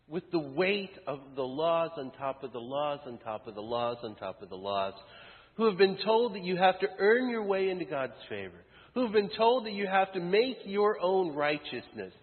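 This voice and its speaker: A man preaching a sermon as pastor, building to loud peaks and dropping to hushed lines. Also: fairly high pitch. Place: church sanctuary. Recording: thin phone-like sound with long church reverb.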